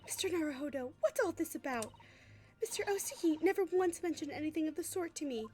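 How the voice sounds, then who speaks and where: An earnest young assistant, polite and eager, lifted high and bright in her courtesy, as a woman puts her on while reading a game aloud. Her phrasing is formal and careful. She sounds keen to help. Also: animated, fast talker. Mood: courteous.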